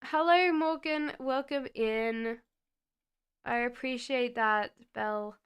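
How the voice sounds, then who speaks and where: Slow, smooth-voiced woman reading tarot. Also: on the high side. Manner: chatty, reassuring, answers viewers by name; hums while shuffling cards. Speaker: tarot reader hosting a live stream. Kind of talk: casual live-stream card reading.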